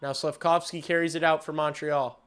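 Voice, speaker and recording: A man streaming a hockey game and calling the play-by-play, excitable and swearing casually, shouting on big plays. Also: a little high, moderate pace, clear, resonant tone. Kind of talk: live watch-along hockey commentary.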